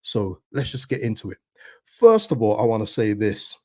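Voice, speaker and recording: A man's voice: fairly low pitch, sing-song, normal speed, mellow, dry recording. Man, football channel host, casual chat, dry close mic. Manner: chatty, talks straight to viewers.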